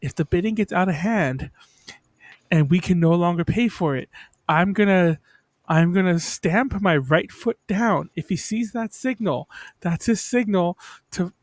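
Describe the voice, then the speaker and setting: A man's voice: sits high, unhurried, no room sound. A man playing a tabletop game, laying out a plan step by step. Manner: plotting, laying out plans. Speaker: player. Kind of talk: in-character tabletop role-play.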